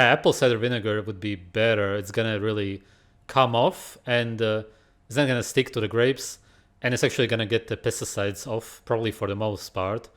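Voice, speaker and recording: A man giving sarcastic, mocking reaction commentary over a video. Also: on the low side. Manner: puts on a mock British accent at times.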